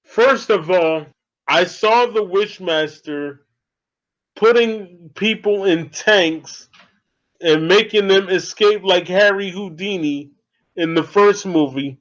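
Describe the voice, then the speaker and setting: A man in his thirties casually recapping a horror movie as an excitable, laughing storyteller, in a dull lo-fi recording. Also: high voice, takes it slowly. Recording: dull lo-fi audio.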